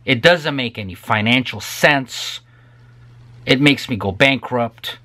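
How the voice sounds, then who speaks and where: With a medium pitch, slow pace, and sharp tone, a middle-aged guitar maker promotes his stands in an unscripted address to camera. He rants with passion, repeating words for emphasis.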